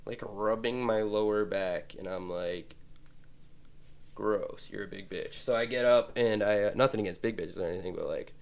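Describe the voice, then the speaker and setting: A man in his twenties spins crude, rambling stories for his podcast, swearing freely and laughing at his own punchlines. His voice sits low with a rough, gravelly edge. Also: brisk, few pauses. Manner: profane, loose, laughs through his stories. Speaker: podcast host. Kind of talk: rambling comic storytelling.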